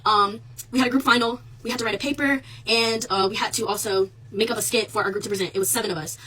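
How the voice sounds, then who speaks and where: Rapid-talking young woman on a phone. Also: on the high side, fairly even intonation, sharp tone, recorded from a distance, slight background noise, low-quality recording. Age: young adult. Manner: rapid, emphatic, raises voice when reliving the clash. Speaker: student telling her story. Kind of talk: casual social media recording. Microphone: phone camera.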